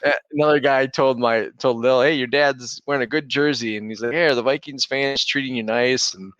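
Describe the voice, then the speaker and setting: Animated storytelling dad on a podcast. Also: male voice, mid-range voice, brisk, dry recording, muffled recording. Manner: animated storyteller acting out his kids' lines. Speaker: podcast co-host. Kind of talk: casual chat.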